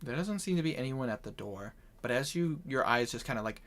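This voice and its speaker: Lively male game master narrating a tabletop session over voice chat. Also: mid-range voice, fairly quick, few pauses. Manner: animated, laughing often. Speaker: dungeon master. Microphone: home microphone on voice chat.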